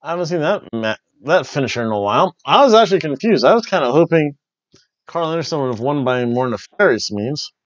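A man hosting a wrestling review podcast, rambling and joking, jumping between loud bursts and mumbled asides. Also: fairly high pitch, animated, brisk, dry recording, muffled recording. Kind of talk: casual review chat.

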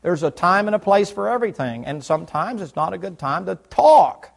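A man's voice: sits high, very animated, fairly quick, vocal fry. A middle-aged man, preaching a folksy sermon in church and quizzing his listeners. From United States South. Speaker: pastor.

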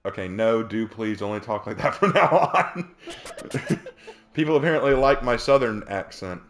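A man's voice: mid-range voice, lively intonation, normal speed, fairly bright tone, slight background noise. A man from South Carolina hosting a game live stream, chatting in a rambling, jokey way with goofy asides. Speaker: streamer host. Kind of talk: joking live-stream chat while gaming.

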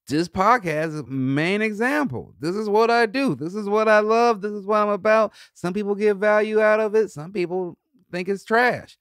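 A man hosting a podcast in a laid-back, rambling solo talk, swearing freely and breaking into high laughs. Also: brisk, smooth, dry recording, clean studio sound. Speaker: podcast host. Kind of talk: casual solo monologue.

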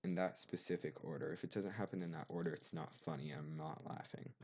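A man's voice: a bass voice, steady tone, fairly quick, darkish tone, breathy edge. A young man commentating his game with sarcastic, mock-offended rants on a cheap desk mic. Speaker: gamer. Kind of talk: gameplay commentary.

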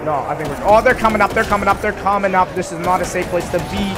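A young man giving excitable live commentary over a video game, swearing and talking to the characters on screen. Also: sits high, fast, hardly any pauses, music in the background. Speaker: gaming YouTuber. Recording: voice over loud game audio.

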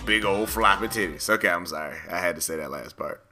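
A man's voice: sits low, fast talker, pushed and bright, faint music behind. A man hosting a let's play, rambling, teasing and talking back to the game as he plays. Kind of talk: joking gameplay commentary.

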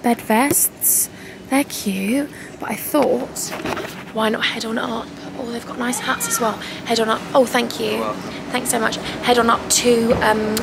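A young English woman with a mid-range, gravelly voice chats through a casual shopping vlog inside a large clothing store, with noisy shop ambience behind her. The vlogger gushes over items and calls her viewers huns.

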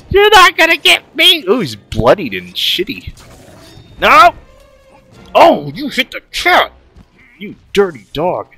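Man, gameplay commentary, high bright voice, very lively pitch, slow delivery, shouts and swears, jokey. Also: husky, soft background music. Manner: loud, jokey, swears a lot, yells and chants during fights. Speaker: gaming streamer.

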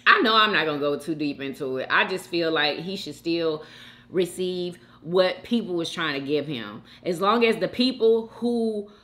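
Bright-voiced chatty woman host. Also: fairly low pitch, normal speed. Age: adult mother. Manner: chatty, animated, often calls listeners "girl" and "y'all". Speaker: mukbang host reading viewer comments. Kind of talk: casual chat to viewers.

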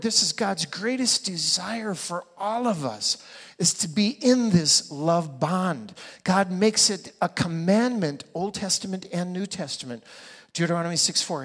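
A man's voice: on the high side, moderate pace, fairly bright tone. A man preaching a sermon as pastor, asking the congregation rhetorical questions and pressing his points with emphasis. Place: church sanctuary. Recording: long reverb of a church hall.

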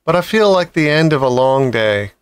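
A man's voice: a little high, lively intonation, moderate pace, clean tone, dry recording, close to an everyday voice. A man voicing a polite, precise female spider who grows tired, in a storybook reading. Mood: weary.

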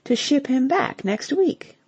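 A woman's voice: high voice, lively intonation, slow pace, darkish tone, dry recording, voice pushed up. A woman reading the lines of a cheerful, bumbling young English husband who talks in breezy slang.

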